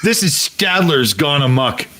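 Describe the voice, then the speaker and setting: A man's voice: a little high, very animated, measured pace, bright, forceful tone. A man on a podcast panel, cracking crude jokes with swearing. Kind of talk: casual podcast chat.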